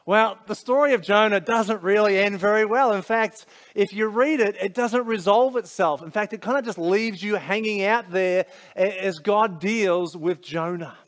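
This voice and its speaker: An Australian pastor with a fairly high, slightly bright voice preaches at a normal speed. He sounds like he's telling friends a story, conversational and full of casual slang and asides.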